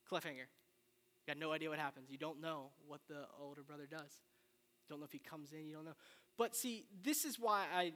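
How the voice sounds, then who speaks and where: A man preaching a sermon, retelling the story in a casual, animated way with slang. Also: a little high. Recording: long reverb of a large hall.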